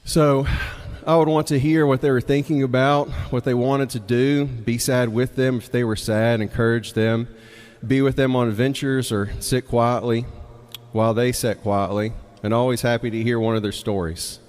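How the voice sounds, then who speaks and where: A man's voice: medium pitch, fairly even intonation, normal speed, a little mellow. A young adult man from Mississippi with a Southern accent, telling a personal story in a casual, conversational way, laughing now and then and acting out what people said. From Mississippi, United States. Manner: conversational, laughs between lines, acts out quoted voices. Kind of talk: live storytelling. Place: storytelling night, hall with long reverb. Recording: reverberant hall.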